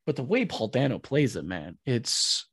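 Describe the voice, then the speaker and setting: A man co-hosting a podcast in casual chat, excitable and swearing often, acting out quotes in big voices. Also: medium pitch, normal speed, husky, dry recording. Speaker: podcast co-host.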